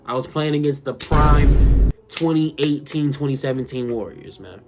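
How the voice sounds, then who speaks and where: A young man telling a funny personal story straight to his viewers, animated and slangy, often calling them "y'all". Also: fairly high pitch, moderate pace, vocal fry, over music. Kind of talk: casual storytime monologue.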